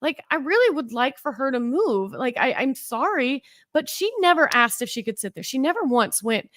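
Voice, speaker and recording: A woman with a fairly high voice co-hosts a casual podcast, rambling chattily with frequent fillers. Her voice sounds dry and close, with little room sound. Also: big pitch swings, moderate pace, fairly bright tone, dry recording. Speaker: podcast co-host. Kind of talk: casual chat.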